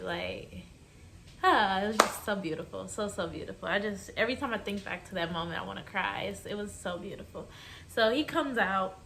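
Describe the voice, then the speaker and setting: A woman's voice: mid-range voice, noisy background. Chatty young woman vlogger. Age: young adult. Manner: chatty, emotional, addresses viewers directly. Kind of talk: casual storytelling to camera.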